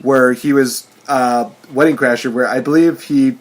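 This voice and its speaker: A man's voice: mid-range voice, fairly even intonation, moderate pace. Laughing man hosting a podcast. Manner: laughs often, leads the talk with filler words. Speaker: podcast host. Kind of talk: casual chat.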